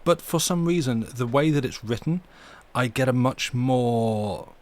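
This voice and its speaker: A man's voice: mid-range voice, lively intonation, measured pace. A man chatting casually with his live-stream audience, rambling and restarting his sentences between readings. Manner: rambling, self-interrupting, chuckling asides. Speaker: streamer reading stories aloud.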